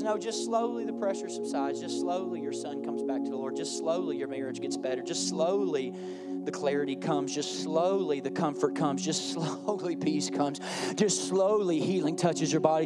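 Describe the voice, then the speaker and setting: A man preaching a sermon, acting out voices and repeating phrases for effect. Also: high-pitched. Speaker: pastor. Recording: faint music behind.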